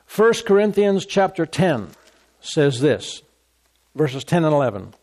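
Preaching at a measured pace, a pastor whose voice sits slightly high for a man keeps repeating his verse references. His lively sermon alternates between scripture reading and teasing the congregation.

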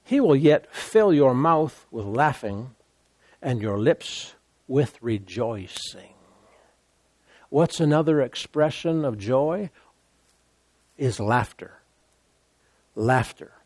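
A man preaching a sermon with call-and-response, animated and repeating words for emphasis. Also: medium pitch, slow, long pauses.

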